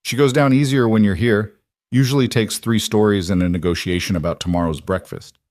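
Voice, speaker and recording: A man reading a calm widowed single dad. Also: lowish voice, fairly quick, no room sound, studio quality, close to an everyday voice. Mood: warm. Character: kind widowed single dad, wry and steady.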